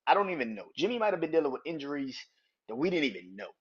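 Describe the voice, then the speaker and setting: Male podcast host on a heated, swearing rant, husky tone, muffled lo-fi recording. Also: on the high side, very animated, very fast. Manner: heated, profane, emphatic ranting. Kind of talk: ranting wrestling podcast. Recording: dull lo-fi audio.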